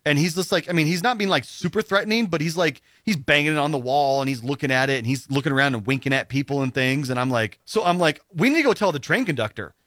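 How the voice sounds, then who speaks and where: A man's voice: fairly high pitch, quick pace, few pauses, fairly bright tone, dry recording, studio quality. A man telling a long story in casual conversation, rambling with many fillers and acting out what other people said. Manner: rambling, full of "you know" and "like" fillers.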